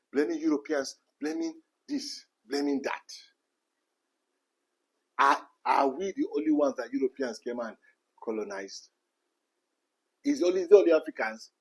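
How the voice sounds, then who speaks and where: Nigerian man, high and husky, emphatic rhetorical commentator. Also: huge pitch swings, moderate pace, pauses often, rough recording. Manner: repetitive, rhetorical questions, emphatic. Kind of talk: impassioned rant.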